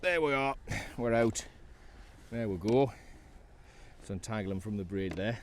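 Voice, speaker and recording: A man's voice: on the low side, measured pace, slight background noise. A man giving chatty running commentary while fishing from a kayak at sea, talking to the fish he catches. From North East England. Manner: chatty, excitable, talks to the fish. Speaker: fishing vlogger.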